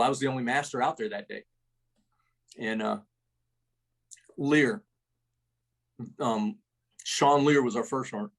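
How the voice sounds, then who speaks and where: A middle-aged man, a retired army first sergeant, telling salty stories in a casual, animated way and tossing "man" into almost every sentence. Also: medium pitch. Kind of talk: casual storytelling.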